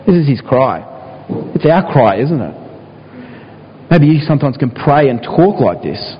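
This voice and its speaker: A man's voice: on the high side, very animated, moderate pace, slightly rough. A man preaching a sermon, sometimes acting out pleading prayers in a raised voice. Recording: dull, reverberant hall.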